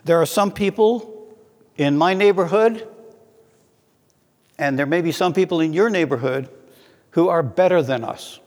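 A man preaching a sermon in an earnest way, slowing down to read scripture aloud. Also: on the high side, long reverb tail.

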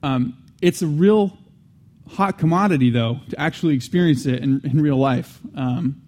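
A man preaching in an earnest, teaching manner, with a mellow, warm tone. He circles back to repeat his main points and slips in casual asides between restarts. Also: on the high side, moderate pace. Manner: frequent restarts and fillers, conversational asides. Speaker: Christian teacher. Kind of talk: teaching sermon.

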